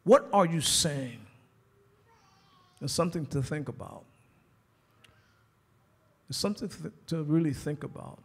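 Husky New pastor preaching. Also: male voice, on the high side, animated, a little slow, pauses often. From New York. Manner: repetitive rhetorical questions, conversational preaching. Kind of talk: sermon.

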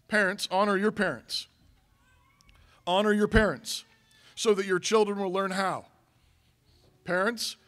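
Higher-voiced man preaching a conversational sermon. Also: fairly bright tone. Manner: conversational preaching with frequent restarts and repetition. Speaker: pastor. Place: church sanctuary.

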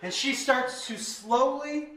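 A man performing stand-up on stage, telling a profane story with animated delivery and loud bursts of laughter. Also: very high-pitched, takes it slowly, a little hiss or hum. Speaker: stand-up comedian. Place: comedy stage before a live audience. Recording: echoey room, distant mic, audience laughter.

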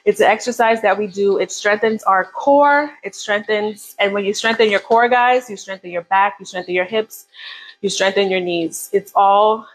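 A woman's voice: medium pitch, fairly even intonation, moderate pace, rough recording. A woman leading a live beginner workout, coaching casually and encouragingly while counting down reps. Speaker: fitness instructor.

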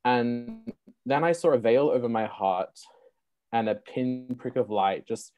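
A young man telling his own faith story as an interview guest, animated and full of "like" fillers. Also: medium pitch, a little slow, highs cut off, soft background music. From Sydney, Australia. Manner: animated, many "like" fillers, laughs often. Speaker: guest, Christian apologist. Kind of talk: personal testimony storytelling.

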